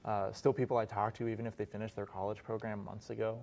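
Relaxed young man, low voice. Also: quick pace, gravelly. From Arizona, US. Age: 20s. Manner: relaxed, many fillers and "like". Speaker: guest, resort concierge. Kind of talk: casual interview. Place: podcast studio.

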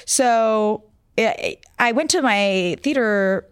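A young adult woman, a guest in a casual interview, telling stories in an animated way and laughing often. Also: a little high, takes it slowly, clear, resonant tone, no room sound, studio quality.

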